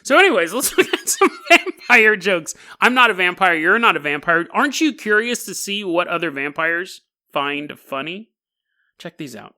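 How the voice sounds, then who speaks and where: A man's voice: high-pitched, sing-song, moderate pace, bright, forceful tone. A man hosting a podcast in a casual comedic monologue, wry and often laughing mid-sentence. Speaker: podcast host.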